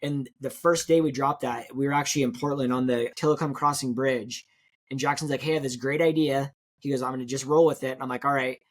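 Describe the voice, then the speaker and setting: A man, a real estate agent guest in an interview, telling a story in a quick, animated way and acting out what people said. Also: medium pitch. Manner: fast, animated storytelling, acts out quotes.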